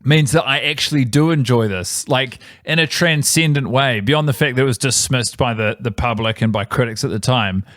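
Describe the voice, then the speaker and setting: Kiwi guy co-hosting a podcast, mid-pitch, rambling animated chat, dry close mic. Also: normal speed, few pauses, dry recording. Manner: rambling, self-correcting, animated storytelling. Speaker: podcast co-host. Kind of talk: casual chat.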